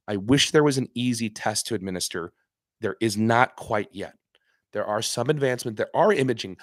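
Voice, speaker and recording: A man's voice: lowish voice, no echo, clean studio sound. A man hosting a casual live stream as a doctor, talking earnestly and with emphasis, often repeating and restarting his phrases. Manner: acts out patient voices in quotes. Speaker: psychiatrist host answering viewer questions.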